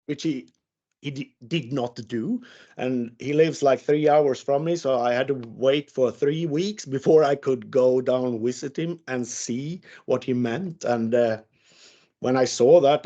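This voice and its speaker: A man's voice: mid-range voice, normal speed, darkish tone. A man in his forties telling a long story in a casual interview, profane and rambling, often stammering and restarting. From Sweden. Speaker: interviewed musician. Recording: muffled lo-fi recording.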